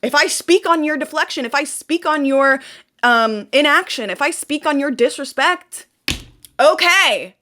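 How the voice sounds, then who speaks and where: A young woman hosting her own channel speaks a little slowly in a high, animated, pushed, bright voice. She rants bluntly and emotionally about personal matters, swearing often and repeating phrases for emphasis.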